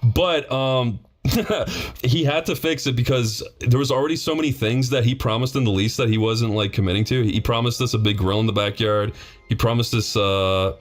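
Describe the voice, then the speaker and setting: A man's voice: medium pitch, normal speed. A young man streamer telling a story casually, rambling and swearing with lots of fillers. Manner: rambling, profane, filler-heavy.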